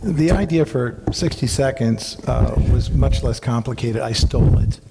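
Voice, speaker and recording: A man's voice: medium pitch, normal speed, vocal fry, loud music behind the voice. A man, an author speaking casually to an audience, who throws in dry, wry asides. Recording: hall reverb with faint noise.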